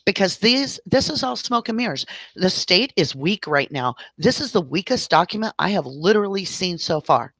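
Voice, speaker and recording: A woman's voice: mid-range voice, lively intonation, moderate pace, few pauses, fairly bright tone, dry recording. Exasperated woman ranting on a livestream. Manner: exasperated, ranting, addresses viewers directly. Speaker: livestream host.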